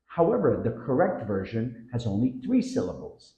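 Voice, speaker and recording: A man's voice: medium pitch, big pitch swings, mellow, roomy sound, dull audio. A man narrating a scripted pronunciation lesson, drawing out the words he models. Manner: slow, drawn-out model words with stressed syllables. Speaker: pronunciation teacher.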